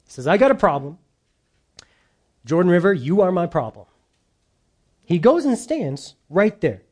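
A man's voice: high voice, very animated, a little slow, darkish tone, breathy edge. A middle-aged male pastor giving an earnest, conversational sermon, often restarting his sentences as he explains a scripture passage. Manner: conversational, earnest, self-interrupting.

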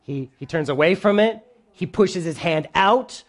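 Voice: medium pitch, animated, measured pace. A pastor giving a sermon in a casual, humorous way, often asking the congregation questions.

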